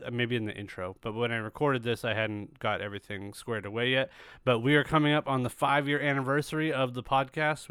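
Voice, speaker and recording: A man's voice: mid-range voice, a bit bright, clear, resonant tone, dry recording. A man hosting his podcast in casual chat, rambling and loose, swearing freely. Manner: rambling, loose and profane, with many fillers. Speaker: podcast host.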